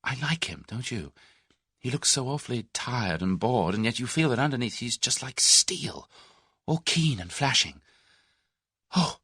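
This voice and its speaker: A man voicing a spirited, excitable young Englishwoman in an audiobook of a mystery novel. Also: lowish voice, fairly quick, no room sound, clean studio sound. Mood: excited. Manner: eager, excitable.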